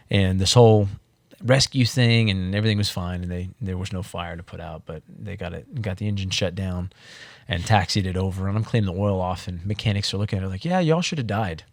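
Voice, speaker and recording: A man tells a story as a guest on a podcast, and he sounds lively. His voice sits low. The sound is dry and close to the mic. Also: a little fast, vocal fry, hardly any pauses, no room sound. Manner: animated, acts out the voices of other people. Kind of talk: storytelling in casual conversation.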